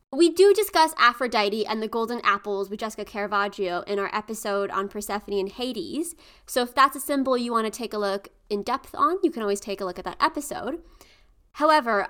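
A woman's voice: fairly high pitch, a bit bright. A woman co-hosting a podcast who explains folklore symbols in a thoughtful, informative way. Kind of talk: casual explanatory chat.

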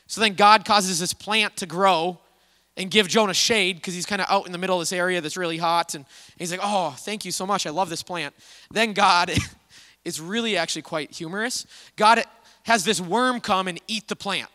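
A male pastor with a high, bright voice delivers a casual, conversational sermon, telling the story with lively energy. His words ring out with a long hall reverb behind them. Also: normal speed.

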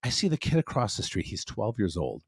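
A man in his fifties tells a rambling story on a casual podcast, swearing freely and acting out every line of dialogue. His pitch swings widely as he talks, and the sound is dry and close with no room around it. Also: fairly quick, husky, dry recording. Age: 50s. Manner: profane, animated storyteller acting out quotes. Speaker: podcast co-host.

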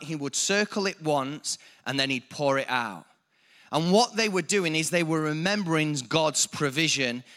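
A man's voice: on the high side, bright, forceful tone. A man preaching a sermon, building emphasis with repeated phrases and stopping to correct himself. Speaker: pastor.

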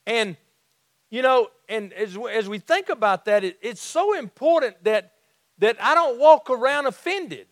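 A middle-aged man with a Southern accent preaching a sermon in a folksy way, restarting phrases and slowing down to stress his points. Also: very high voice, animated, fairly bright tone, no room sound, studio quality. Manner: folksy, repeats and restarts phrases, slows for emphasis. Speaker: pastor.

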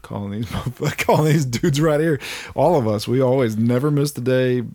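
A man, chatting on a podcast as host, telling animated stories, swearing freely and laughing often. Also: mid-range voice, brisk, no room sound, studio quality. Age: 30s. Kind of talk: casual chat.

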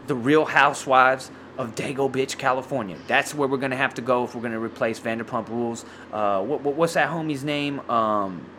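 A man hosting his own podcast, ranting loudly with lots of swearing and slang, stumbling over restarts, short of breath with a sore throat. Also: medium pitch, slight background noise. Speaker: podcast host. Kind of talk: profane solo podcast rant.

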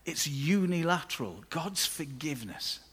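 A man's voice: fairly high pitch, expressive, unhurried, a bit bright, husky. A man preaching a sermon as pastor, conversational and with playful asides.

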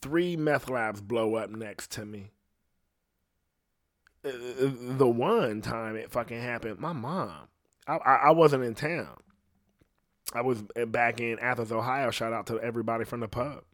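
Profane, animated male storyteller. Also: medium pitch, unhurried, no room sound, clean studio sound. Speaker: podcast host. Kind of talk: storytelling podcast chat.

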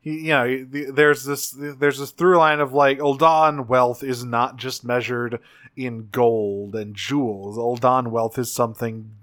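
A man co-hosting a casual discussion about a video game's story, talking in a relaxed way with swearing and frequent ums. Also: mid-range voice, unhurried. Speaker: podcast co-host.

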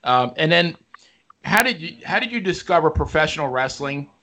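A man's voice: on the high side, expressive, moderate pace, pushed and bright. A man co-hosting a talk show, asking long, friendly questions. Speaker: co-host. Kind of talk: casual radio chat.

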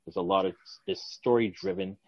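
A man's voice: sits low, fairly even intonation, brisk, darkish tone, no room sound. A man co-hosting a podcast, chatting in an agreeable, reflective way. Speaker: podcast co-host. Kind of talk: casual chat. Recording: dull, dry recording.

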